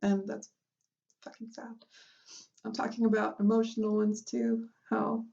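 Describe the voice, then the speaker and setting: Woman, teary, laughing through tears, gravelly voice, muffled distant phone audio. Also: on the high side, completely flat delivery, a little slow, warm tone. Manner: emotional, laughing through tears, swears casually. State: tearful. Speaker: live stream host. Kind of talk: unplanned live stream chat.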